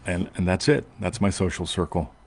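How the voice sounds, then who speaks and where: A man's voice: low-pitched, moderate pace, slight background noise. A man hosting a show, telling a long personal story in a rambling casual way and often asking "right?". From United States. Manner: rambling, self-interrupting, frequent "right?". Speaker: podcast host.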